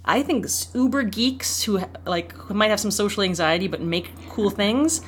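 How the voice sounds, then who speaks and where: A woman hosting a podcast in casual chat, laughing often and chiming in with quick affirmations. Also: mid-range voice, expressive, a little hiss or hum. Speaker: podcast host.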